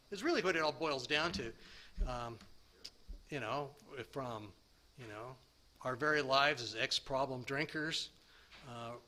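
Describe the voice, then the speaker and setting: A man in his sixties sharing his recovery story at a meeting, rambling and self-deprecating, with halting restarts. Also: mid-range voice, pushed and bright. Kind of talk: personal recovery share.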